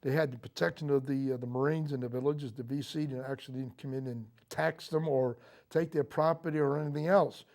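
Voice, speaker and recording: An older man, a Marine veteran, recounting his memories in a TV interview, speaking haltingly with frequent fillers and restarts. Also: medium pitch, fairly even intonation, gravelly, darkish tone. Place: local TV studio.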